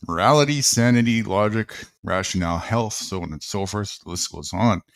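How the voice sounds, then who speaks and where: A man's voice: lowish voice, no echo, studio quality. A man musing at length in a casual late-night chat, rambling and swearing now and then. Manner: rambling, philosophical, profane.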